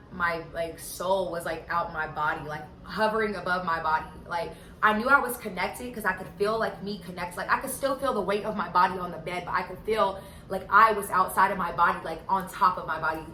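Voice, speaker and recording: A young woman telling a casual storytime, rambling with constant filler words and getting loud and excited. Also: lowish voice, slight background noise. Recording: echoey room.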